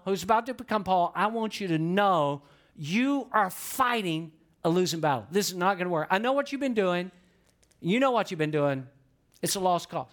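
A man's voice: high voice, a bit bright. A man voicing Jesus as he reads scripture aloud, giving an earnest and emphatic warning in a sermon. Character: Jesus speaking to a persecutor, firm and earnest.

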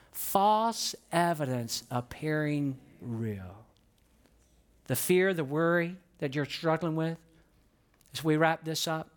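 A middle-aged pastor preaches a sermon in a church sanctuary, emphatic and building in intensity. He puts questions to the congregation and calls for their responses, rising in pitch and volume as he goes.

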